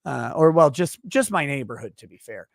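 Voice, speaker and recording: A man's voice: fairly high pitch, expressive, a little fast, vocal fry, dry recording, clean studio sound. A man hosting a casual livestream, reading viewer messages aloud and giving blunt, profane, offhand replies. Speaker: livestream host.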